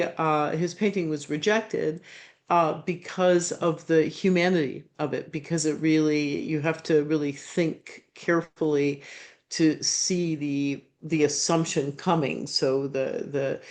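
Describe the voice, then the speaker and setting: A man, an art historian, answering questions in an online panel, halting and searching for words with many restarts. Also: fairly high pitch, fairly even intonation.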